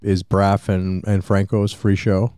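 A man's voice: sits low, little pitch movement, slow, mellow, dry recording, clean studio sound. A man guesting on a podcast, easygoing, with short supportive replies in casual chat. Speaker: podcast guest, comedy club co-owner. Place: studio.

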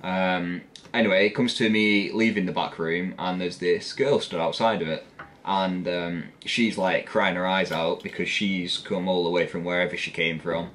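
Low-voiced young northern English man telling a story. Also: fairly even intonation, moderate pace, a bit bright, slight background noise. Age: young adult. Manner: rambling, laughs between lines, addresses listeners as lads. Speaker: podcast co-host. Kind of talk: casual storytelling chat.

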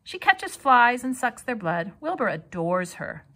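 A woman's voice: on the high side, very animated, unhurried, bright, forceful tone, voice pushed up, heavily acted. A woman voicing an eager, chatty young farm girl.

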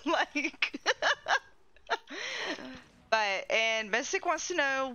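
A woman's voice: a little high, very animated, slow, bright, forceful tone. A woman live streamer telling a funny story in casual chat, often laughing mid-sentence, on a dull lo-fi stream mic.

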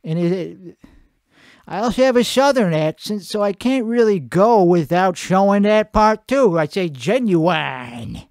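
Putting on an Italian-American accent, a comedy show host with a high, darkish voice speaks at normal speed in a clean studio-quality recording without room sound. He delivers a rambling, profane, self-deprecating monologue from home at night.

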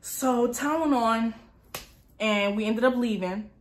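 Chatty young woman with a higher voice. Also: slow pace. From New Jersey. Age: early 20s. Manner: chatty, dramatic retelling with many "like" fillers. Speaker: lifestyle vlogger. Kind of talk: casual storytelling.

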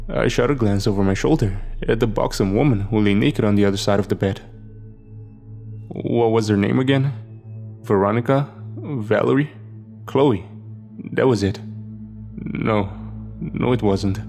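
Male horror narrator, gravelly and slightly low, dry sardonic read. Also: moderate pace, pauses often, darkish tone, soft background music. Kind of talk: scripted first-person horror narration.

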